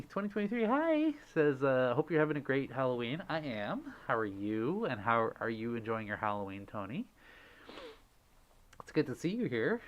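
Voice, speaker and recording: Giggly, excitable male streamer. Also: mid-range voice, highs cut off. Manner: gushing, giggly, excitable, often thanking viewers. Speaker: livestream host. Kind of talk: casual livestream chat, reading viewer messages.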